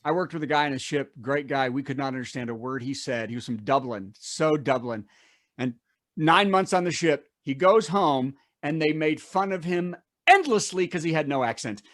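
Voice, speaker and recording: Man, interviewer, jokey and upbeat, slightly high voice. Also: normal speed, fairly bright tone. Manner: playful, jokey, enthusiastic. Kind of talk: casual interview chat.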